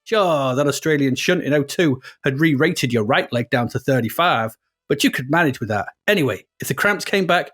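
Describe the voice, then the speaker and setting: A man's voice: fairly high pitch, animated, moderate pace, fairly bright tone. A man putting on a cynical American race driver. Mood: swaggering. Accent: put-on American. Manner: drawling, slangy, sneering. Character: boastful washed-up male race driver, gruff and cynical. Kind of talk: reading a story aloud in character.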